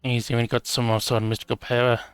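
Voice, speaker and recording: A man doing a gruff game dwarf, keep the fake accent clumsy, smooth voice, dry close sound. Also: mid-range voice, level tone, quick pace, dry recording, close to an everyday voice. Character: gruff hardy dwarf hunter, brash and blunt.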